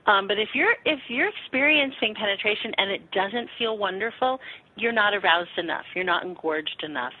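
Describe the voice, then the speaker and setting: A woman sexuality teacher answering interview questions frankly and warmly, acting out little quotes as she explains. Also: medium pitch, normal speed, no room sound. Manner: frank, animated, acts out quotes with laughs. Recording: tinny phone-line sound.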